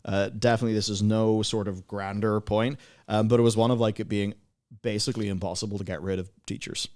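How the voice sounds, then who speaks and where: A man's voice: lowish voice, flat delivery, fairly quick, darkish tone. A man, co-hosting a livestream in casual, rambling, sardonic chat full of fillers. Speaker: livestream co-host.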